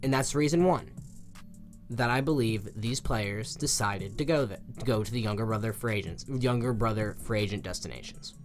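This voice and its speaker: Over music, a young man speaks at normal speed in a passionate, exasperated rant as a sports commentator. He shifts between loud outbursts and muttering under his breath.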